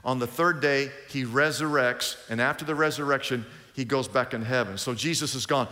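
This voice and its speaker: Middle-aged man preaching, animated and colloquial, bright ringing voice, long church reverb. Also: mid-range voice, normal speed, hardly any pauses. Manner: animated, colloquial, swings from loud bursts to hushed asides. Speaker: pastor. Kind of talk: sermon.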